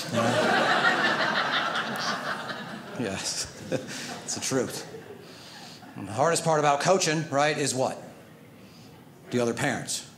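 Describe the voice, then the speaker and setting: Man, stand-up comedian, animated storytelling, fairly high voice, roomy stage sound, audience noise behind. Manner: animated storytelling, acts out his son and other parents. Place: theater stage before a live audience. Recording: roomy hall with audience laughter. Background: crowd laughter.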